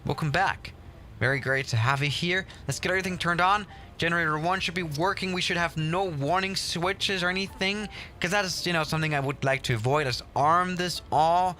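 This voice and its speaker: Young man, livestream host, excitable rambling chatter, bright tone, faint background music. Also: on the high side, fairly quick. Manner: excitable, rambling, self-mocking. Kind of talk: casual game livestream commentary.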